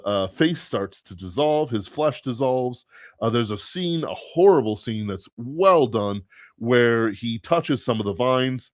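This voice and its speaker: A man's voice: fairly low pitch, no room sound. A man hosting a podcast, thinking aloud in casual, rambling commentary and swearing now and then. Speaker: podcast host. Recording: dull lo-fi sound, dry.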